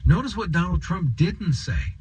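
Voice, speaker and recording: Sarcastic husky-voiced man commentating. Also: high voice, expressive, normal speed, darkish tone, low-quality recording. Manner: sarcastic, rhetorical questions, emphatic. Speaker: political commentator. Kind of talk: opinion monologue.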